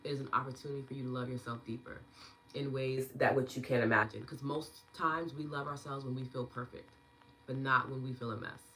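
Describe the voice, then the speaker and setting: A woman's voice: rumbling low, fairly even intonation, a little fast, bright, forceful tone, slight background noise. A woman hosting a live online gratitude session, chatting casually and affectionately, laughing often as she reads out and thanks viewers' comments.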